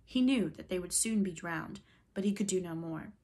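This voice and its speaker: A woman reading a classic children's novel aloud in a gentle, measured storytelling voice. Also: lowish voice. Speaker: storybook reader. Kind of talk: audiobook narration.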